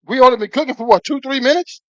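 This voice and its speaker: A man's voice: very high voice, quick pace, no room sound. Hyped man cooking on a live stream. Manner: excitable, calls the viewers "baby" constantly, whoops. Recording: dull lo-fi stream audio.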